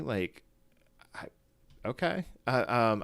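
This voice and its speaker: Man, very low voice, morning voice, rambling casual stream chat, dry close sound. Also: moderate pace, no echo. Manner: rambling, self-deprecating, many fillers and restarts. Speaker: fantasy football streamer. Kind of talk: casual solo livestream chat.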